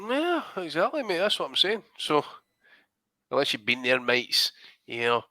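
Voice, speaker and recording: A man's voice: on the high side, wildly swooping pitch, moderate pace, bright, forceful tone, dry recording. A man co-hosting a casual boxing podcast, swearing freely and bantering with laughs. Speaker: podcast co-host.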